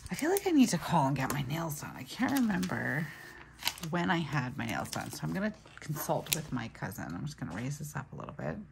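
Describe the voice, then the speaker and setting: A woman's voice: low-pitched, very animated, a little fast, vocal fry, noisy background. A woman in her thirties chatting casually while she plans in her journal, telling stories with lots of asides. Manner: chatty, storytelling, trails off into asides. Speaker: planner vlogger. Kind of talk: casual chat while planning.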